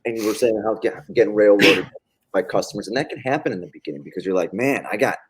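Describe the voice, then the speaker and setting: A man's voice: fairly low pitch, slightly rough. A man co-hosting a casual business podcast, agreeing often and adding his own points. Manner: agreeable, quick back-channel replies. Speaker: podcast co-host.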